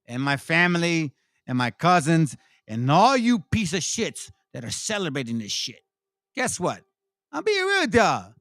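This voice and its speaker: A high-voiced man rants in angry, mocking commentary, swearing constantly and breaking into scornful laughter. His voice is close and dry, with almost no room sound. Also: wildly swooping pitch, a little slow, fairly bright tone, dry recording. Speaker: commentary channel host. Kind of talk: profane commentary rant over played clips.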